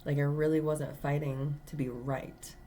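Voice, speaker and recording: Woman, low voice, tarot reader, casual earnest monologue with fillers, faint background noise. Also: level tone, a little slow, mellow. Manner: earnest, emphatic storytelling with many fillers.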